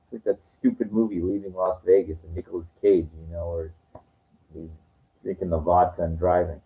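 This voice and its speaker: A man's voice: sits low, level tone, normal speed. A man telling rambling stories in a casual monologue, swearing now and then. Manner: rambling, profane storytelling. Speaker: vlogger. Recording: dull lo-fi recording.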